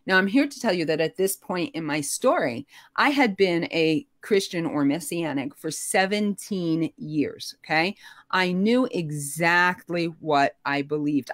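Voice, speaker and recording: A middle-aged woman telling her personal story in an animated, expressive way, her voice rising when emotional. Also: fairly low pitch, no room sound, clean studio sound. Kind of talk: conversational storytelling.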